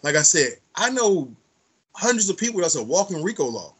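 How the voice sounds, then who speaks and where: A man's voice: sits high, sing-song, a little fast, a bit bright, husky. A man co-hosting a podcast, telling stories in blunt, profane casual chat. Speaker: podcast co-host.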